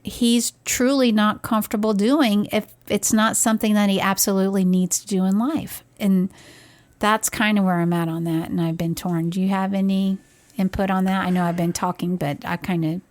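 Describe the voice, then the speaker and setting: A woman's voice: mid-range voice, moderate pace. Chatty woman telling a parenting story. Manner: animated, acts out quoted voices. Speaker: podcast co-host, parent. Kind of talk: casual conversational storytelling.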